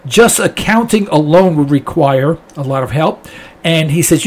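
A man's voice: on the high side, unhurried, slight background noise. A man hosting a talk show, rambling conversationally as he reads listener mail, with many fillers and restarts. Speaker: radio talk show host. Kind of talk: casual monologue reading listener mail.

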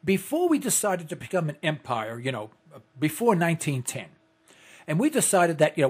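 A man's voice: fairly high pitch, husky. A man in his sixties hosting a talk radio show, speaking in a rambling, indignant, impassioned way. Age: 60s. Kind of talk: opinionated talk radio monologue.

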